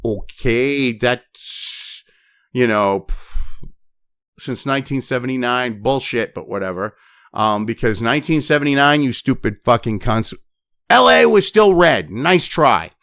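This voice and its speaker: A man angrily ranting and cursing as he reads news items aloud, breaking off into loud outbursts. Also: medium pitch, a little slow, vocal fry, no room sound, clean studio sound. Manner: angry, swearing constantly, swinging between flat reading and loud outbursts. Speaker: commentator reading and reacting to news. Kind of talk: profane political rant over news reading.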